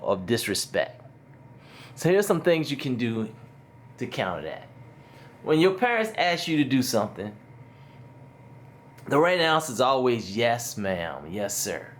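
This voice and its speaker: Plain-spoken father explaining things. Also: medium pitch. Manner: plain, explaining, a bit rambling. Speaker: parent teaching his son. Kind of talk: home lesson talk.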